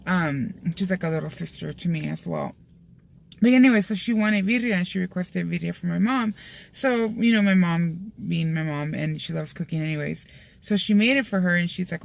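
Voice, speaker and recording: A woman's voice: fairly low pitch, normal speed, creaky. A young woman chatting casually to camera, full of fillers, slipping in Spanish phrases, from a Mexican-American family. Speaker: vlogger.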